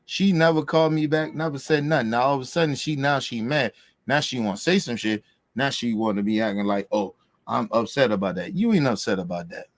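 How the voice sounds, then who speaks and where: A podcast host rants in a heated, profane, casual way, repeating things for emphasis. His mid-range voice is animated and fairly quick, and the recording is dry.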